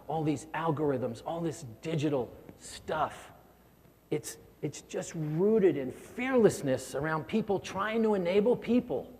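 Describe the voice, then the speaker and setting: A man's voice: on the high side, a little mellow. Earnest man giving a keynote in a hall. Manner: earnest, repeats words when stirred. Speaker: keynote speaker. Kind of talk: motivational keynote speech. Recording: long hall reverb.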